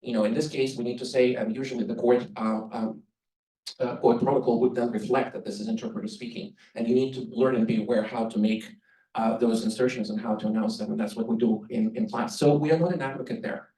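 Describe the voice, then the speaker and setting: A man's voice: mid-range voice, fairly even intonation, fast talker, warm tone. A man born in the Soviet Union giving an earnest conference presentation on interpreting, advising listeners as an instructor. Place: conference room. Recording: roomy sound from a distant mic.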